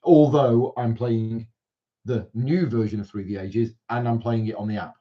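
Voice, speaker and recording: A man's voice: mid-range voice, fairly even intonation, normal speed. A man hosting a board game stream, easygoing in casual chat, often giving short agreeing replies. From Devon, England. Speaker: channel host. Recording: dull lo-fi stream audio.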